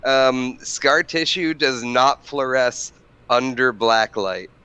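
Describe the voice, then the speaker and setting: A man's voice: mid-range voice, slow, bright, forceful tone, clear, resonant tone. A man arguing his side in a heated podcast debate, insistent and listing his points, often restarting words. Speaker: podcast guest.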